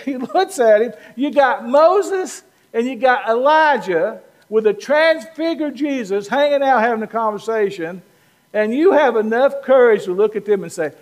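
A man preaching a sermon, playful and animated, acting out the lines of Bible figures. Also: high-pitched, normal speed. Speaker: pastor. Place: church. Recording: long reverb of a church hall.

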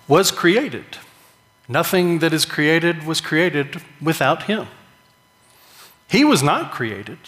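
A man's voice: on the high side, fairly bright tone. A man preaching a sermon in a conversational, joking way, with emphatic rises. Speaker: pastor. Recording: long hall reverb.

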